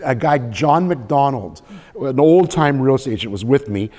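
An older man speaking as guest at a live event, telling blunt, animated anecdotes and acting out dialogue. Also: medium pitch, moderate pace. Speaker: guest speaker, veteran realtor. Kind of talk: storytelling talk before a live audience. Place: event room. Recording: long hall reverb.

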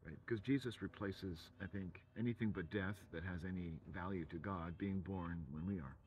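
A man's voice: low voice, moderate pace, highs cut off, a little hiss or hum. A man from England, rambling through a profane, provocative monologue full of wordplay.

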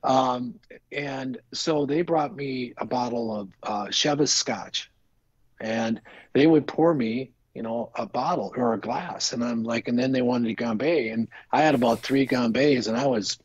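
A man's voice: mid-range voice, unhurried, husky, dry recording, highs cut off. A man guest on a business podcast, telling stories in an earnest, rambling way full of restarts. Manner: earnest, rambling, frequent restarts and "you know". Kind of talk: casual storytelling interview.

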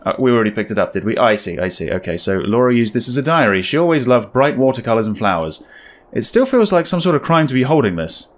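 A man's voice: medium pitch, very animated, fast talker. A man giving casual, wry commentary while playing a horror game, thinking aloud. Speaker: gaming video creator.

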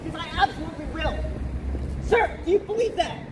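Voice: extremely high pitch, lively intonation, brisk, far from the mic, crowd noise. A person heckling a streamer outdoors, ranting in a heated, sarcastic, swearing way. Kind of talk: mock-angry trolling rant. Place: outdoors on a city street.

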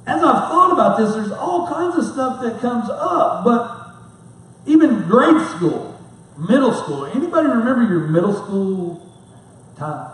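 A man's voice: very high-pitched, very animated, unhurried, fairly bright tone. A middle-aged man preaching a sermon as a pastor, telling rambling, folksy stories with self-mocking humor. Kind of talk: storytelling sermon. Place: church sanctuary. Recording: very echoey hall, mic far off.

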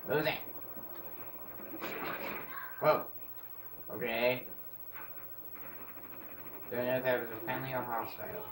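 Slow-talking man commentating a shooter game. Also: mid-range voice, fairly even intonation. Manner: chatty, frustrated reactions with sudden yells. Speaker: gameplay commentator. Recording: distant mic, roomy echo, loud background noise.

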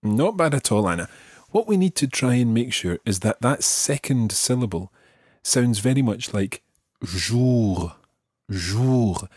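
A man with a Scottish accent teaching a podcast language lesson, patiently modelling words slowly and carefully. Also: mid-range voice, very animated, a little mellow, husky, no room sound, clean studio sound. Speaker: French teacher.

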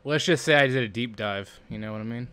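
A man's voice: medium pitch, quick pace, pushed and bright, smooth. A young man hosting a gaming channel, chatting casually with friends while playing, joking and laughing often. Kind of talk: casual gameplay chat with friends.

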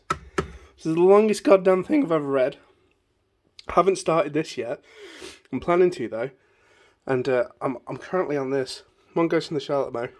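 Male YouTuber, voice going hoarse, casual and rambling, recorded on a phone in his bedroom. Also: fairly high pitch. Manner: rambling, chatty, easily sidetracked. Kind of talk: casual vlog room tour.

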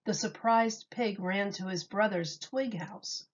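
A woman teacher reading a children's story and explaining a craft, gentle and clear, step by step. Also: medium pitch, takes it slowly, dull audio.

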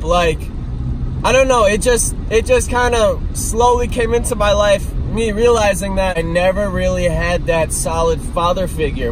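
A young man with a stuffed-up nose from allergies, rambling and joking in a casual vlog while driving. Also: high-pitched. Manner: rambling, joking, self-mocking. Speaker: vlogger. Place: inside a car. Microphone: phone propped on the dashboard. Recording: noisy car interior, road noise.

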